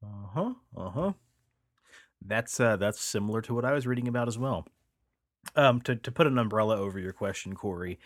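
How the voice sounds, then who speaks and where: Low-voiced man telling folklore. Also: dry recording, studio quality. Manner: laid-back, rambling with fillers. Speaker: podcast co-host. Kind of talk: casual storytelling chat.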